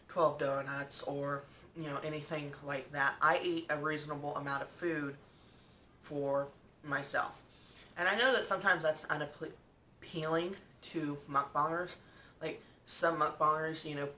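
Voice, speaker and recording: A woman's voice: low voice, pushed and bright, recorded from a distance, slight background noise. A young woman vlogger chatting casually while she eats, telling a story with lots of ums and likes. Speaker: mukbang vlogger.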